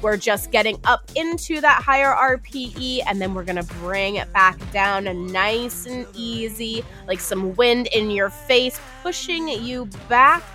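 A woman's voice: a little high, unhurried, few pauses, sharp tone, soft background music. A woman coaching a guided treadmill workout with easygoing, playful cues. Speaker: running coach.

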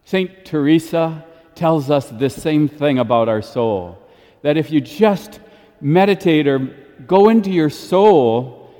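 Brief: chatty priest preaching in church, voice a touch high, long reverb. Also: male voice, takes it slowly. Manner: lively and informal, with frequent chuckles. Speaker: Catholic priest. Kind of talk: daily homily.

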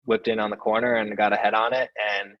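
A young man speaks low and fairly flat, relaxed, as a guest recounting his career. He loops back with fillers and restarts, casual and unhurried. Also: lo-fi sound. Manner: relaxed storytelling with many fillers. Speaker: soccer player, guest. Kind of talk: casual interview chat.

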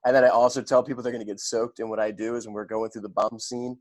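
A man's voice: medium pitch, fast talker, no echo. A young man chats on a casual podcast, hyping up stories with playful energy. His voice sits mid-range and sounds close and dry on the mic. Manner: animated storyteller, playful hype. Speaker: podcast co-host.

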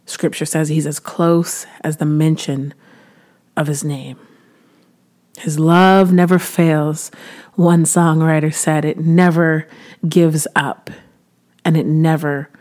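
Speaking slowly with frequent pauses, this woman in her thirties has a low, slightly mellow voice and fairly even intonation. She's a Christian vlogger giving a casual devotional talk to camera, earnest and chatty, often restarting and occasionally surging into preacher-style emphasis.

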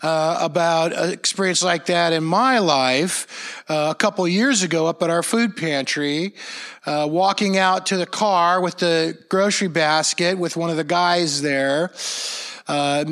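Earnest man preaching a relaxed sermon. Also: fairly high pitch. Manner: earnest, storytelling, frequent restarts and repeated words. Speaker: pastor. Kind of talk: conversational sermon.

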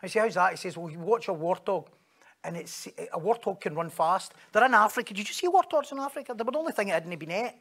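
High gravelly Scottish preacher. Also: male voice, lively intonation, quick pace, a bit bright. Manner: storytelling, joking, acts out quoted voices. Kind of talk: sermon.

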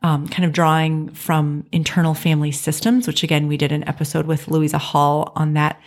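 A woman's voice: deep voice, flat delivery, a little fast. A woman co-hosting a faith podcast, talking through forgiveness in a thoughtful, candid way with light laughs. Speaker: podcast co-host. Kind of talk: reflective faith conversation.

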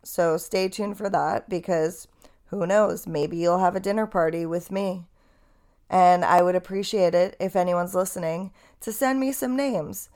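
A woman's voice: fairly low pitch, a little mellow. A young woman hosting a podcast, telling a story in a chatty, candid way with casual swearing. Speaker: podcast host.

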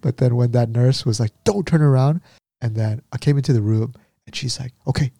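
A man co-hosting a podcast, casually retelling a story in an animated way and acting out the people in it. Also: medium pitch, brisk, vocal fry, husky, no echo, studio quality. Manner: animated retelling with quoted voices. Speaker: podcast co-host.

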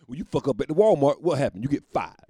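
A man's voice: mid-range voice, sing-song, fast talker, warm tone, husky, no room sound, clean studio sound. A male comedian delivering a profane, rambling casual podcast monologue.

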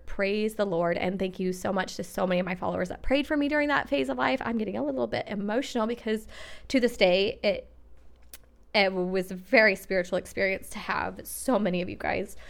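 A woman's voice: mid-range voice, creaky, fairly bright tone. A young adult woman hosting a solo podcast, talking in a chatty, earnest way full of "like" and "literally". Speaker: podcast host. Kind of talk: casual solo podcast monologue.

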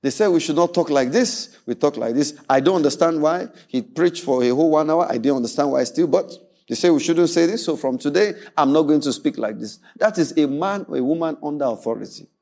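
A man's voice: fairly high pitch, a little fast, creaky, few pauses. A male pastor preaching a sermon, telling stories with acted-out voices and frequent laughter. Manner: animated storytelling preacher, acts out quoted voices, laughs often.

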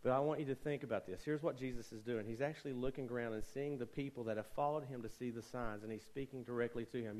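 A man's voice: medium pitch, fast, few pauses, darkish tone, low-quality recording. Conversational young male preacher. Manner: conversational preaching, rising emphasis, joking asides. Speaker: pastor. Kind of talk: sermon.

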